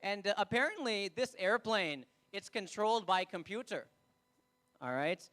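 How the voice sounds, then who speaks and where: An Indian man with a notably high speaking voice works a live comedy crowd through a stage mic. His delivery is animated, and he slips into characters for short bits. The sound is a stand-up set in front of an audience. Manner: animated, acts out characters with quick voice shifts.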